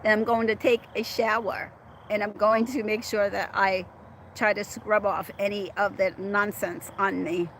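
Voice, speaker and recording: A woman's voice: medium pitch, flat delivery, a little slow, a bit bright, slight background noise. A middle-aged woman hosting a casual livestream, chatting and laughing as she answers commenters by name. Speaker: livestream host reading viewer chat.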